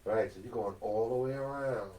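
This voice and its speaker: A man's voice: mid-range voice, normal speed, darkish tone. Chatty man with a DJ-like voice. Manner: jokey, chatty, radio-DJ-like delivery. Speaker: co-host and camera operator. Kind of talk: live stream banter. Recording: distant mic with faint background noise.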